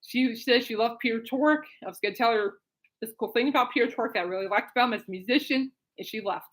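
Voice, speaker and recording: A woman's voice: on the high side, quick pace, a bit bright, rough recording. A woman hosting a podcast in a casual live-stream chat, rambling and breaking into giggles often. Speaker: podcast host.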